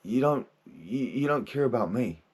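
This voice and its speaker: A man's voice: medium pitch, animated, moderate pace, a little mellow, husky. A man voicing his wounded, resentful inner self. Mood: bitter, accusing. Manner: bitter, swearing, accusing.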